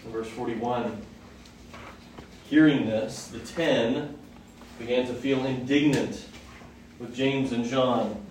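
A man's voice: mid-range voice, steady tone, slow pace, long pauses, a little mellow. A male preacher giving a conversational Bible teaching, often asking the audience questions. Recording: echoey hall from far off, faint noise.

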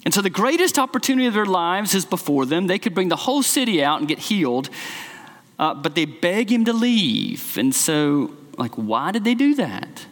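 A man's voice: high-pitched, big pitch swings, normal speed, in a large hall. A man preaching a sermon as a pastor, telling stories in a conversational way with many "like"s. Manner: conversational storytelling, frequent "like".

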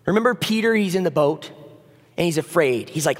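A man preaching a sermon in a conversational, animated way, acting out the voices of the people in the story. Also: fairly high pitch, normal speed. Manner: conversational, animated, acts out voices of biblical figures. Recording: long reverb of a hall.

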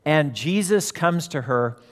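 A man's voice: on the high side, expressive, slow pace, big-room sound. A man preaching a sermon as pastor, telling stories and acting out the voices of the people in them. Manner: storytelling, acts out quoted voices.

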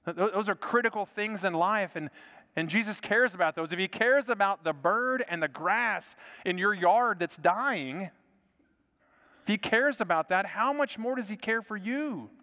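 Earnest pastor preaching in a reverberant church. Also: male voice, high-pitched, expressive, moderate pace. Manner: earnest, repeats words, drops to soft quiet lines for emphasis. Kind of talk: sermon.

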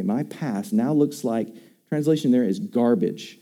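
A man's voice: medium pitch, animated, measured pace, mellow. A man preaching a sermon on scripture, talking with emphasis and asking his listeners questions. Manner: conversational, emphatic, asks the congregation questions. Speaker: pastor.

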